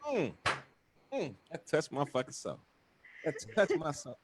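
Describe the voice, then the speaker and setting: Loud, profane man ranting on a live show. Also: a little high, huge pitch swings, measured pace, heavy background noise. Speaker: host. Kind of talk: casual live-stream chat.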